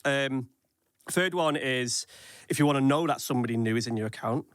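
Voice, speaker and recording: A man's voice: mid-range voice, a bit bright, dry recording, clean studio sound. A man explaining security in lists. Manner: explains in quick practical lists. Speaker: cyber security expert guest. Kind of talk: casual podcast chat.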